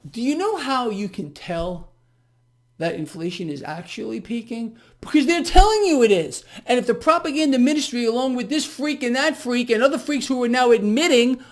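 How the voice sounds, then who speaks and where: A man giving a sarcastic, emphatic solo commentary on the markets as the host of his own video channel. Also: high-pitched. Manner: sarcastic, mocking, blunt and emphatic.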